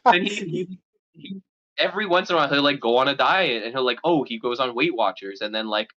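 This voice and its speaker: Young man, podcast co-host, rambling storyteller, bright tone, lo-fi recording. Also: mid-range voice, fairly quick. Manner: relaxed, rambling storyteller with many fillers and restarts. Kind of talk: casual storytelling chat.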